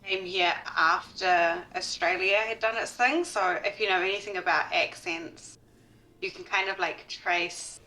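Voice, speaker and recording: Bright-voiced New Zealand woman, casual. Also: lowish voice, steady tone, unhurried, low-quality recording. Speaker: guest player. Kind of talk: casual gaming chat.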